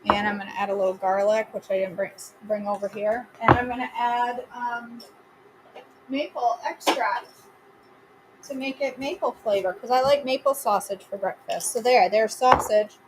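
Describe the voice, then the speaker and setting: A woman's voice: on the high side, steady tone, normal speed, noisy background. A woman hosting a live cooking stream from her home kitchen, chatting casually and answering viewers by name with playful, self-mocking humor.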